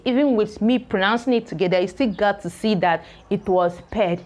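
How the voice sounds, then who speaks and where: A woman teaching English pronunciation, saying each word slowly several times, breaking it into syllables and checking in with "okay?" between explanations. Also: mid-range voice, a little mellow. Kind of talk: slow spoken pronunciation lesson.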